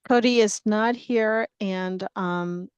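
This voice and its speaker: A woman's voice: medium pitch, clean tone, dry recording, muffled recording. Tired sick woman chairing a video meeting. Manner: halting, with frequent fillers and restarts. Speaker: commission member opening a public meeting. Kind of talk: remote public meeting. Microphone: video call.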